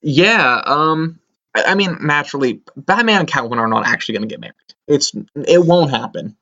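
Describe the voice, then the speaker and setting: A man's voice: fairly high pitch, expressive, a little fast, pushed and bright. A man co-hosting a comic book podcast, rambling enthusiastically with lots of fillers. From Pennsylvania, US. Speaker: podcast co-host. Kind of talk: casual chat. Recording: dull lo-fi sound.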